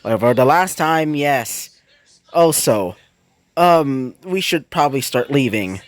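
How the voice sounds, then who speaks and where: A man voicing a calm young male leader who answers quietly, with a low, subdued and hesitant delivery. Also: unhurried, no room sound, close to an everyday voice.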